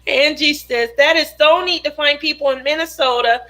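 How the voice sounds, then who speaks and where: A woman's voice: high-pitched, moderate pace, sharp tone, low-quality recording. A woman hosting a casual craft livestream from her home, chatting and reading viewer comments aloud and laughing often. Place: home in the desert.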